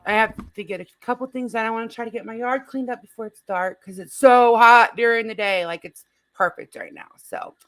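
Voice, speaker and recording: A woman's voice: a little high, fairly even intonation, brisk, hardly any pauses, fairly bright tone, no echo. A woman hosting a livestream in a chatty, agreeable casual chat. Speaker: livestream host.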